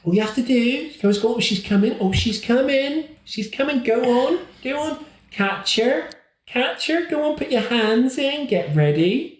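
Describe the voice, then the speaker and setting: A man voicing an older, warm Bristolian midwife who coaxes with endearments. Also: very high-pitched, animated, unhurried, voice pushed up. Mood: coaxing. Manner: cooing, encouraging endearments. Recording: roomy echo.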